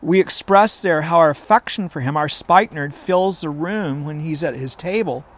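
A man's voice: a little high, normal speed, a bit bright, dry recording. A man preaching a sermon, earnest and emphatic, reading scripture at length.

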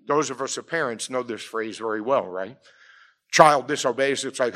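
A man's voice: mid-range voice, moderate pace, pushed and bright. A middle-aged man preaching a sermon, emphatic, often checking in with his listeners with "all right?". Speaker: pastor.

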